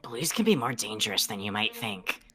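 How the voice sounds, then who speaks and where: A performer voicing a timid young male troll in a live fan dub, talking quickly and hesitantly. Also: mid-range voice, animated, fairly bright tone, soft background music, close to an everyday voice. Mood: nervous.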